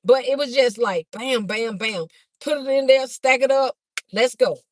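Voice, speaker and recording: A woman chatting fast on a phone livestream to her viewers, a bit out of breath as she walks from a car through a garage into a house. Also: fairly high pitch, no echo. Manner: chatty, talks fast to viewers, calls them "y'all". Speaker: livestream host and vendor. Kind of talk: casual livestream chat to viewers. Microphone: phone held by hand.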